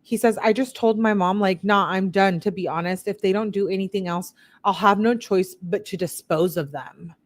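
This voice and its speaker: In a mid-range voice at a moderate pace with few pauses, a female true-crime commentator reads text messages out loud. She pitches the quotes slightly higher and interrupts herself with candid, blunt asides.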